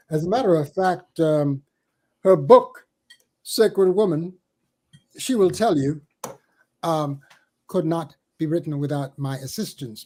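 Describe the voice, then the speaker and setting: An older man from the Caribbean islands, a spiritual teacher telling stories in an interview, given to slow, theatrical recitation with big swells and drops. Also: fairly high pitch, mellow, rough recording. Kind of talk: storytelling and dramatic poetry recital.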